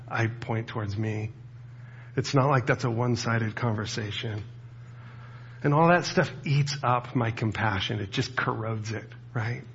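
A man's voice: mid-range voice, slightly rough, muffled recording. A man preaching a casual sermon as a pastor, talking to the room with rhetorical asides. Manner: conversational, with rhetorical asides to the audience.

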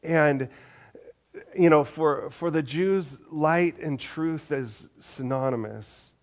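A man's voice: fairly high pitch, takes it slowly. A man reading scripture aloud and then preaching in a conversational way, often restarting his words. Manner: conversational, with frequent repeated restarts.

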